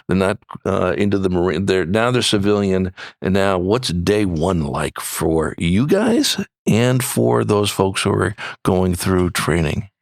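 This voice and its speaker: A man with a very low voice hosts an interview, asking questions in a relaxed, halting way, full of "um" and "uh." The sound is dry and close to the mic. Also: gravelly, no room sound. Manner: relaxed, halting with fillers and chuckles. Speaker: show host, interviewer.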